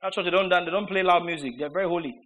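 A man preaching a sermon, emphatic and rhetorical, with mocking repetition that swings between shouted lines and low asides. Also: racing, highs cut off, slight background noise.

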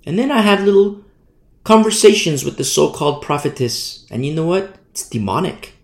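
A man preaching a sermon, his voice sitting a little high and rising and falling a lot. He is tired and acts out the people he quotes. The room around him is echoey. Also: moderate pace, vocal fry. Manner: animated, mimics the people he quotes. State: tired from no sleep.

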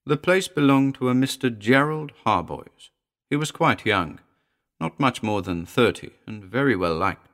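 A man's voice: mid-range voice, lively intonation, measured pace, a bit bright, pitched above the performer's own voice. A man voicing a nervous middle-aged housekeeper who speaks jerkily and reluctantly in a ghost story reading. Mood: reluctant recounting. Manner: jerky, uneasy, pleading.

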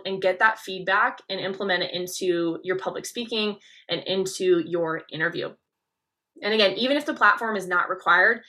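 A young woman from Nebraska hosting a coaching podcast, talking in an energetic, leaning-in way with emphatic stresses. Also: medium pitch. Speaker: podcast host and pageant coach.

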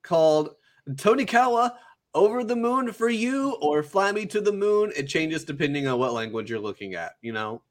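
A man's voice: sits high, sing-song, normal speed. A man hosting a casual podcast, trading dry, teasing banter with his co-host.

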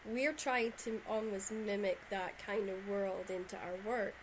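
This Shetland woman with a Scottish accent hosts a podcast, chatting casually in long, rambling stretches during a conversational interview. Her voice sits at medium pitch with a steady tone and measured pace, on a low-quality recording with slight background noise.

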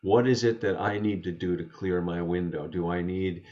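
Male guest, low voice, gentle reflective storyteller, dull lo-fi remote sound. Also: fairly even intonation, moderate pace. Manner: gentle, thoughtful, with frequent restarts. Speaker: interview guest. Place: home study.

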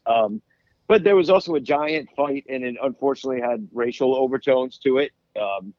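A man's voice: mid-range voice, darkish tone, no echo, muffled recording. A man guesting as a musician, chatting casually in an interview and rambling through stories with lots of restarts. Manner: rambling, many restarts and laughs.

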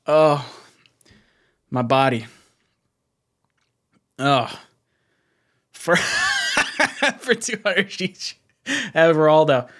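A young man hosting a casual fan livestream, excitable, laughing often and reading chat messages aloud. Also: fairly high pitch, extremely slow, pauses often. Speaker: livestream host.

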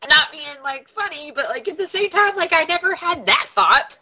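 A woman's voice: extremely high pitch, lively intonation, moderate pace, pushed and bright, slight background noise, low-quality recording. A woman co-hosting a podcast in casual chat, rambling along with constant "like" fillers. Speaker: podcast co-host.

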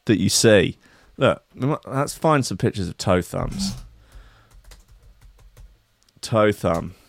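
A man's voice: lowish voice, a bit bright, dry recording, clean studio sound. A man hosting a comedic news commentary, reading stories aloud with sarcastic, crude, rambling asides. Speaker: host.

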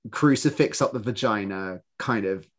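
A man co-hosting a podcast in casual chat, animated and rambling, with many restarts and fillers. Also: on the low side, normal speed. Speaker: podcast co-host.

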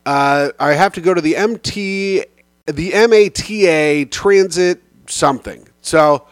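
A man hosting a podcast, telling road stories in an animated, casual comic style with swearing. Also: on the high side, no room sound. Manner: animated, swearing, slips into quoted voices. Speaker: podcast host.

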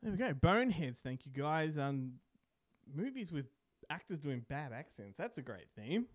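A man's voice: a little high, big pitch swings, moderate pace, faint music behind. A man co-hosting a casual movie podcast, jokey and laughing often while he leads the segments. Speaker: podcast co-host. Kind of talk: casual chat.

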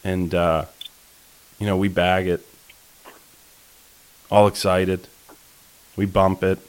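A man with a very low voice tells a fishing tale in a loose, rambling chat. He wanders through fillers and restarts as he goes. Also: level tone, slow pace, clear, resonant tone. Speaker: podcast co-host telling a fishing story. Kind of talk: casual storytelling chat.

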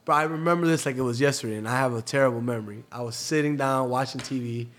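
Podcast guest, young man from Florida, relaxed streetwise storyteller with an ordinary mid-range voice. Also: mid-range voice, fast. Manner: streetwise, swears freely, says "bro" often. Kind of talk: casual storytelling interview.

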